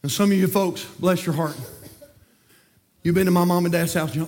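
A man preaching a fiery sermon, folksy and repetitive, swinging from quiet talk to shouting. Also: sits high, fairly even intonation, brisk, long pauses. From North Carolina, USA. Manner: folksy, repeats words. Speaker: pastor.

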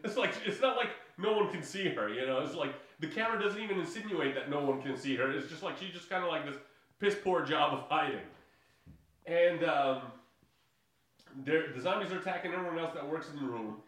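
A man's voice: a little high, a little fast, fairly bright tone, distant mic. A man recapping a movie in casual podcast chat, rambling with many fillers and laughing often. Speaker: podcast co-host. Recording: echoey room, voice off-mic.

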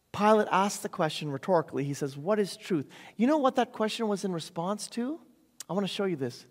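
A man preaches a sermon in a high, light voice for a man. He drives his points home with rhetorical questions and repeated phrases, checking in with "right?" again and again. His voice rings with a long reverb, as if it fills a large church sanctuary. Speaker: pastor.

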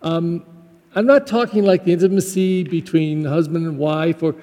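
A man's voice: fairly high pitch, steady tone, normal speed, mellow, big-room sound. A man, a Catholic pastor, giving a graduation Mass homily in a church, talking in a heartfelt, conversational way with frequent restarts.

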